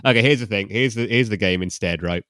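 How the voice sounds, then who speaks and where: A man's voice: fairly low pitch, fast, a bit bright, dry recording, clean studio sound. A man hosting a podcast, reading a novel aloud with wry, mock-dramatic comic asides.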